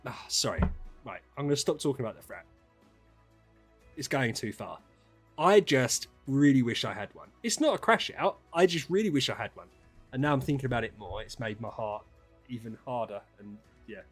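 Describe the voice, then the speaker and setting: Ranting man with a lively voice. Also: mid-range voice, normal speed, slightly rough, faint music behind. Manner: ranting, sweary, swings between mutters and loud outbursts. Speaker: streamer. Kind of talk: casual chat with viewers.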